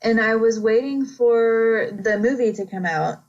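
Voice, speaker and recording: A woman chatting casually as a podcast guest, animated, laughing often and acting out quotes. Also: on the high side, unhurried, highs cut off. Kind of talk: casual chat.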